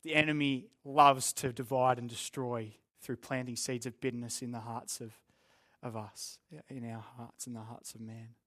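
A man's voice: mid-range voice, little pitch movement, normal speed, a bit bright. Man, Australian accent, young, pastor, sermon, earnest, self-deprecating. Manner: earnest, candid and self-deprecating, with joking asides. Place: church room with a live congregation.

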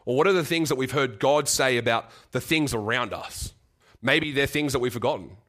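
A young man preaching a sermon and telling a personal story, earnest and halting, often repeating words and getting choked up. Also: medium pitch, fairly bright tone. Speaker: guest preacher.

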